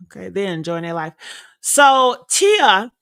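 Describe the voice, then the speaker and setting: A woman's voice: medium pitch, sing-song, slow pace, a bit bright, clear, resonant tone, no echo, clean studio sound. Chatty woman hosting a gossip show. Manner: chatty, fills with "you know". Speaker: podcast host. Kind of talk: casual gossip commentary.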